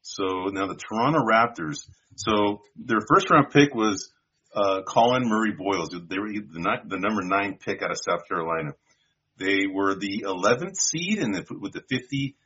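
A man's voice: on the low side, sharp tone, slightly rough. A man co-hosting a casual podcast, rambling through draft picks in a loose style and calling his partner dude and bro. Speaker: podcast co-host. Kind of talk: casual draft-pick chat. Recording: dull lo-fi sound.

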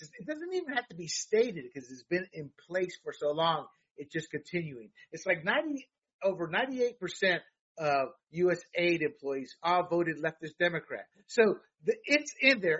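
A man with a high, husky voice talks politics in a heated, halting way, full of fillers and restarts. The recording sounds dull and lo-fi. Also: fairly bright tone. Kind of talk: casual political talk.

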